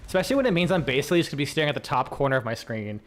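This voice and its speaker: A man's voice: mid-range voice, expressive, racing, a little hiss or hum. A male streamer chatting casually while he plays, rambling and swearing as he tells stories. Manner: rambling, swearing, laughing storyteller. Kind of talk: casual chat while gaming.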